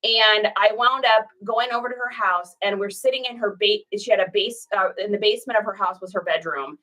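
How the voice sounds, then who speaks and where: A woman's voice: medium pitch, fairly quick, bright, forceful tone, distant mic, muffled recording. A woman in her forties from Washington State, chatting casually in a rambling way while packing orders, and breaking off now and then to talk to her pet. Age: 40s. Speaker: online reseller host.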